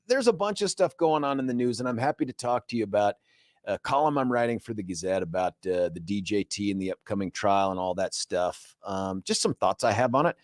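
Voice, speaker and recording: A middle-aged man hosts a radio talk show, trading jokes and stories with lively energy. His voice sits at an everyday pitch. The studio sound is close and dry. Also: no room sound. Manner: jokey, animated storytelling with laughs. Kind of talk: casual radio chat. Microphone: studio microphone.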